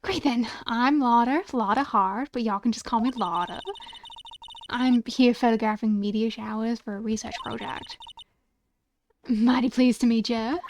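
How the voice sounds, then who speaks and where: A woman's voice: fairly high pitch, fairly even intonation, normal speed, a little hiss or hum, lightly acted. A woman voicing a brash, bossy country woman photographer in a put-on Southern drawl, folksy and scolding. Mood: friendly. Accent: put-on American Southern drawl.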